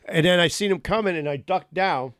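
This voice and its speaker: A man's voice: high voice, fairly quick, fairly bright tone, no echo, clean studio sound. A middle-aged man co-hosting a podcast, telling crude stories with lots of swearing and laughter. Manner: rowdy, swearing, laughing storyteller. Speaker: podcast co-host. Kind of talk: crude joking banter.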